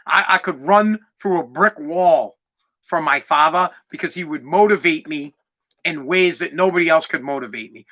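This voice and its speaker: Forties guy doing a solo podcast, really bright sharp voice, pumped up and swearing a lot. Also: fairly high pitch. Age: 40s. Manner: emphatic, profane and fired-up. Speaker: podcast host.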